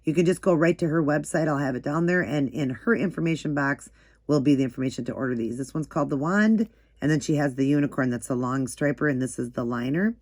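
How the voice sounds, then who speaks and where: A woman's voice: low-pitched, fast talker, a little mellow. A middle-aged woman hosting a nail art channel, talking in a rambling, casual way and often repeating herself. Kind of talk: casual tutorial chat.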